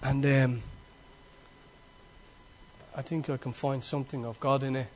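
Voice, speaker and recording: A man with an Irish accent preaching a sermon, telling stories with passion and swinging between loud and hushed delivery. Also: mid-range voice, flat delivery, unhurried.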